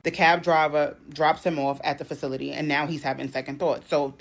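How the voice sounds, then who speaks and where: Woman, storytime vlogger, animated and dramatic, quotes in a high voice. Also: fairly quick, vocal fry. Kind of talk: casual storytime monologue.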